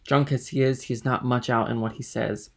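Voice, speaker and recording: Man reading as a sly sneering schemer, gravelly, cool. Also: medium pitch, steady tone, brisk, a bit bright. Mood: calm scheming.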